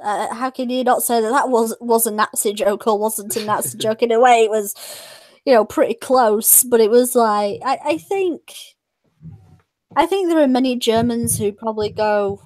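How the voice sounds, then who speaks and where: A woman's voice: on the high side, normal speed, darkish tone, no echo. A British woman streamer telling stories in casual chat, rambling with many fillers and restarts. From Britain.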